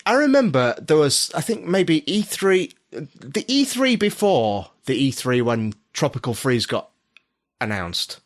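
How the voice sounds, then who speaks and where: A man's voice: fairly high pitch, very animated, measured pace. A man who is a podcast guest, chatting with jokey, dry asides and trailing restarts. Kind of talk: casual chat.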